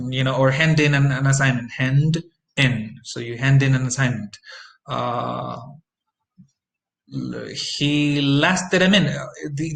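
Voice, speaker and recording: Man slowly teaching pronunciation. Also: mid-range voice, vocal fry, fairly bright tone. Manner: explanatory, repeats example words slowly. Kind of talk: recorded lecture on English pronunciation.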